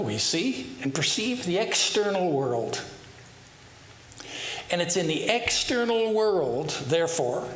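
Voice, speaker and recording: A man giving a spiritual talk, telling parables in an unhurried way and asking rhetorical questions. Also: high voice, a bit bright. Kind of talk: sermon with storytelling. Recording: roomy hall with faint hiss.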